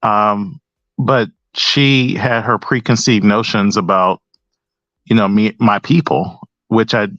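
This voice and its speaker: A man speaking as a guest on a panel discussion, hesitant with many pauses and restarts. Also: lowish voice, steady tone, a bit bright, no echo, dull audio.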